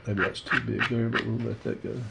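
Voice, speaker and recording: A man teaching a watercolor painting demo, talking through his steps in a relaxed, rambling way with lots of fillers. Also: mid-range voice, fairly quick, vocal fry, heavy background noise. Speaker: art instructor. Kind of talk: casual painting demonstration.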